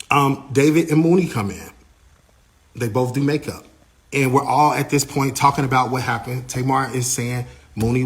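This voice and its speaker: A man recounts a dramatic backstage event in a loose, conversational way. He is animated, slips into other people's lines as he tells it, and his speech is full of "like" fillers. His voice sits at an ordinary middle pitch for a man. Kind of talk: casual first-person storytelling.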